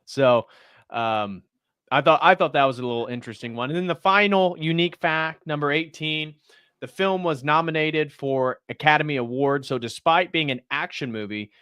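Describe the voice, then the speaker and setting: A man's voice: fairly high pitch, normal speed, bright, forceful tone, clean tone, dry recording, studio quality. A man hosting a video stream, reading out facts from notes and chatting casually. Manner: reads facts from notes, then chats. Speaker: host.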